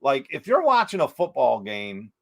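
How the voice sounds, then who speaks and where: A man's voice: mid-range voice, huge pitch swings, normal speed, vocal fry, fairly bright tone. A man in casual chat, carefully explaining what he saw on a ghost hunt, laughing often. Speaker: paranormal investigator co-host.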